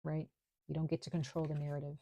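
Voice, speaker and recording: A woman's voice: low voice, completely flat delivery, fast talker, gravelly, heavy background noise. A woman giving a casual tarot reading in a chatty, reassuring way, full of fillers, at home. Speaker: tarot reader.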